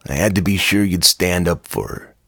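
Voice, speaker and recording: A man's voice: low-pitched, moderate pace, sharp tone, dry recording, studio quality, exaggerated voice. A man doing a taunting Italian pool shark. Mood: amused. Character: tough male Italian pool shark, mocking.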